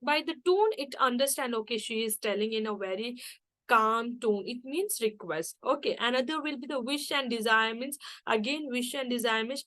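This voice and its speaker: A woman teaches an online English class over a video call. Her voice sits a little high, and she moves through each point step by step, stopping often to say "okay" or "guys" to her students. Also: normal speed, fairly bright tone.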